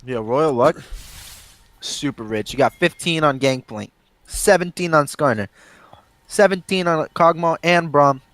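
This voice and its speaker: A man's voice: a little high, measured pace, a bit bright, no room sound. A man from the Houston area casting a live esports match, laid-back and joking, with lots of uh and like. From Texas, Houston area. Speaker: esports caster. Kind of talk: live game commentary.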